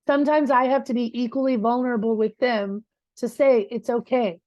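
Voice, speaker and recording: Her voice is a little high, a little fast, and a little mellow, and the recording is dry and muffled. She's a real estate coach teaching a live session, direct and conversational, checking in with her listeners and using many rhetorical "right?"s.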